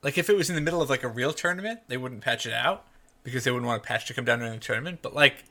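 A man with a bright, forward voice co-hosts a casual gaming podcast. He rambles through his points and leans on filler words. His pitch sits in a middle range. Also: rapid-fire. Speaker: podcast co-host.

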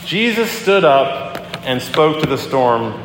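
A man preaching a sermon as a pastor, talking in a conversational, animated way as he tells a story and acts out the quotes. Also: fairly high pitch, takes it slowly, a little hiss or hum. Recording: echoey hall with long reverb.

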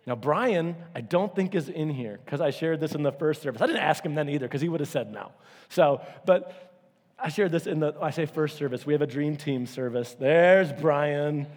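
A man preaching a sermon as a pastor, telling stories with lively, acted-out quotes and sudden jumps in pitch. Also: normal speed. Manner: animated storytelling, acting out quotes with big pitch jumps. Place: church auditorium. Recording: long hall reverb.

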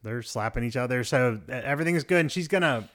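A man's voice: medium pitch, fast talker, fairly bright tone. A man co-hosting a podcast, casually recapping a TV episode scene by scene and quoting its lines. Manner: recaps scenes and quotes dialogue, laughs often. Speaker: podcast co-host.

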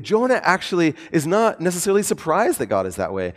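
A man preaching a sermon in a conversational, animated way with light humor. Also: sits high, quick pace, few pauses. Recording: long hall reverb.

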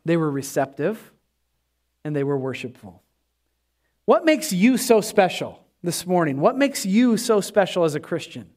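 A man's voice: high-pitched, big pitch swings, measured pace, darkish tone. A man preaching a sermon as pastor, passionate and emphatic, his voice swelling and dropping.

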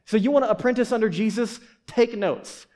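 High-voiced male pastor, conversational sermon. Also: fairly quick, a little mellow. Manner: conversational, rhetorical questions, repeats words when restarting.

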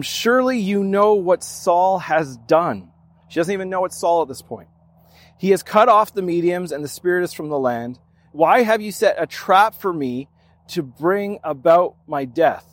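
A man teaching a sermon, reading scripture aloud and explaining it in a conversational way. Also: sits high. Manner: conversational, reads scripture then explains with restarts. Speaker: pastor.

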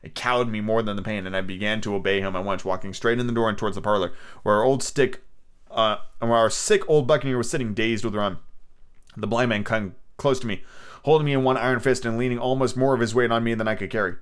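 A man's voice: on the low side, steady tone, fast talker, smooth. A man casually reading a classic adventure story aloud as host, with irreverent asides and frequent stumbles and rereads. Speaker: audiobook narrator and podcast host.

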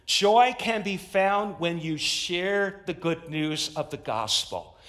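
A man preaching a sermon, swinging from hushed, slow lines to sudden shouted climaxes. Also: high voice, animated. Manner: dynamic, swings between loud and hushed. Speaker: pastor.

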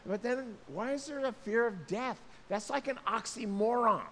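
Man, pastor, sermon, animated, long reverb, faint hiss. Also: very high voice, normal speed. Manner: animated, acts out voices of people, jokes aside.

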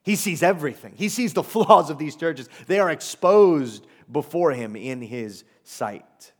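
Guy preaching a sermon, kinda high voice, chatty and punchy, cracks little jokes. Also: expressive, measured pace. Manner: conversational and emphatic, with asides and humor. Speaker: pastor.

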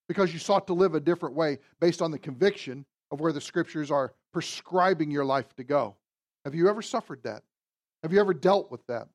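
High-voiced man preaching with animated swings. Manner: animated preaching, swings from loud emphasis to quiet asides. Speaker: pastor. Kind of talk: sermon. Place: church.

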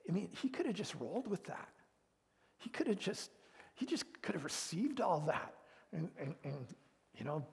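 A man, a pastor, giving a sermon in an earnest, conversational way, at times dropping into hushed tones, and moving into prayer. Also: sits high, creaky. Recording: long reverb.

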